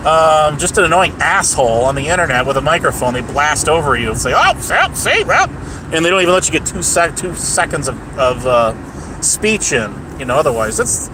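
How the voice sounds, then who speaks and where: A man's voice: fairly high pitch, animated, moderate pace. Combative man ranting from his car. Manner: profane, combative, rambling. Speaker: livestream host. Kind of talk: rambling livestream chat. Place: car, driving home. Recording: noisy car cabin.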